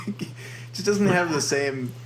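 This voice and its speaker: A man co-hosting a podcast, chatting in an animated way and laughing often. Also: on the high side, normal speed, slight background noise. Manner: animated, laughing, quotes lines in a mocking voice. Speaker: podcast co-host. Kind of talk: casual chat.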